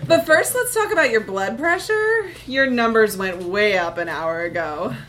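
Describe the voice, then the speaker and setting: A woman's voice: a little high, animated, moderate pace, a bit bright, pitched above the performer's own voice. A woman reading a story, voicing a chatty young female nurse who uptalks and loves gossip.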